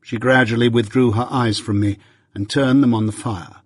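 A man giving a measured, earnest first-person reading of a novel, as an audiobook narrator. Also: medium pitch, steady tone, husky, no echo, clean studio sound.

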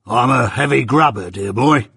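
A man voicing a rough old male ex-convict in an audiobook, with rough rustic speech and a habit of saying "dear boy". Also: mid-range voice, moderate pace, pushed and bright, no room sound, studio quality. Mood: gruff, wary. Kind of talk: audiobook character voice.

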